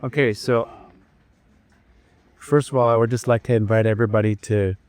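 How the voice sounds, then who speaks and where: A man at a wellness event, his mid-range voice steady and slightly mellow, relates a personal story to those gathered. His talk is casual, dotted with fillers and restarts, and he has the group breathe slowly along with him.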